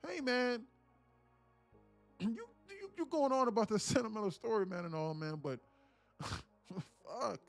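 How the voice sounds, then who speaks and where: A man's voice: sits high, animated, a little slow, gravelly, long pauses, soft background music, pitched above the performer's own voice, exaggerated voice. A man voicing a broke, impatient young male viewer who swears and whines, demanding that the trades start. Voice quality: profane, whiny and mocking.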